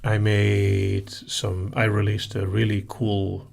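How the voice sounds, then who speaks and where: A man hosting a live session, reading listener questions aloud and answering them in a relaxed, casual way. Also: on the low side, slow, gravelly. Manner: relaxed, reads out questions then answers briefly.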